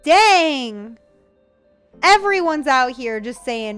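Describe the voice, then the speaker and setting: A young woman commenting on a game playthrough with animated, chatty reactions. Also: sits high, slow pace, faint music behind. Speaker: gaming streamer.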